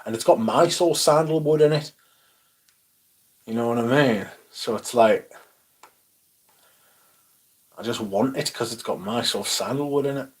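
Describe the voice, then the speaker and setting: A livestream host from northeast England speaks with a Northumbrian accent in a mid-range, slightly rough voice, a little slow and full of long pauses. He chats casually and bluntly, swearing freely as he reads chat messages aloud and answers them.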